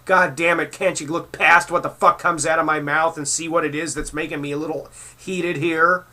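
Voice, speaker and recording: Man ranting hotly, sharp bright voice. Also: on the high side, steady tone, moderate pace. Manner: profane, heated and mocking. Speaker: commentary vlogger. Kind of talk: angry rant reacting to clips.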